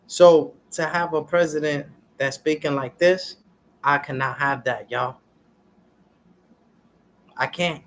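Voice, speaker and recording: A man vlogging in a casual, preachy rant full of street slang, often turning to his viewers with "y'all" and getting loud and animated when worked up. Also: fairly high pitch, takes it slowly, pauses often. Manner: street slang, repeats "y'all" and "you understand what I'm saying". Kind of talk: casual ranting commentary to viewers.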